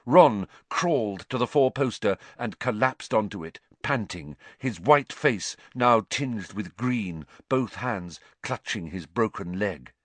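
A man reading a story aloud as narrator, measured and expressive. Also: fairly low pitch, no echo. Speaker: audiobook narrator. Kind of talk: scripted narration.

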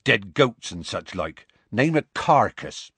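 Guy doing hagrid, big gruff half-giant, rough grammar, husky dry voice. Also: on the low side, big pitch swings, fairly bright tone, no echo, heavily acted. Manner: rough colloquial grammar, slow homely storytelling.

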